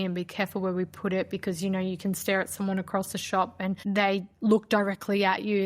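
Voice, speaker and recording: A woman hosting a podcast, telling a personal story in a candid, conversational way, with a lot of "like" and a heartfelt tone. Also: medium pitch. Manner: candid, conversational, frequent "like" fillers. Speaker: podcast host.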